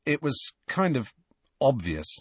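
A man's voice: medium pitch, sing-song, measured pace, slightly rough, no room sound, studio quality, voice pushed up. A man voicing a blunt, curious teenage schoolboy who pushes for answers. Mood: pushy. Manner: blunt, pushy.

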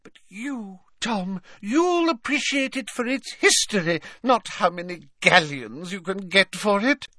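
A man's voice: sits high, animated, unhurried, hardly any pauses, sharp tone, no echo, studio quality, pitched above the performer's own voice, exaggerated voice. Man putting on a simpering old rich lady. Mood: coy gushing. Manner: simpering, coy, gushing.

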